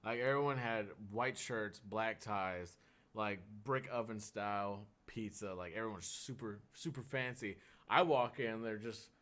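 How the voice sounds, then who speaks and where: A young man from Oklahoma with a thick country accent, telling stories in a casual, animated podcast chat full of fillers. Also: on the low side, unhurried. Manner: animated, laughing storyteller with many fillers. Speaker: podcast co-host.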